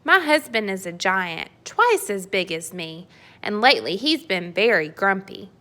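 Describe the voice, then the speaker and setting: A woman's voice: medium pitch, sing-song, measured pace, bright, forceful tone. A woman voicing a bossy, practical giantess housewife who scolds in a storybook read-aloud. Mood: scolding. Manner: scolding, matter-of-fact.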